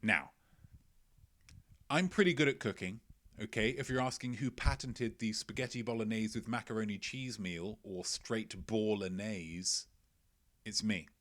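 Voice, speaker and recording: A man's voice: lowish voice, a little slow, fairly bright tone. A man hosting a casual livestream quiz, playful and chatty, often repeating his own phrases. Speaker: quiz host.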